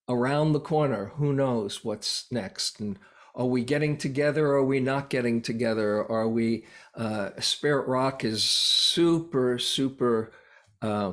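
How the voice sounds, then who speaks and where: A meditation teacher with a mid-range voice gives a Buddhist dharma talk. He speaks in a slow, thoughtful way, often pausing and softly filling the silences.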